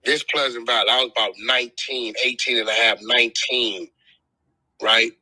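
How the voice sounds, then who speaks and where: Bright husky storytelling man. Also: mid-range voice, normal speed, dry recording, rough recording. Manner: profane, street slang, animated when joking. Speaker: storyteller guest on a group audio chat. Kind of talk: casual storytelling chat.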